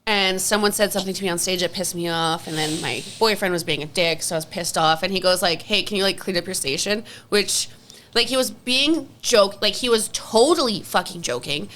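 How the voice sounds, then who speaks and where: A young adult woman co-hosts a podcast, swearing freely while she tells animated stories in casual conversation. She speaks fairly quickly at a medium pitch, and there's a little hiss or hum on the audio.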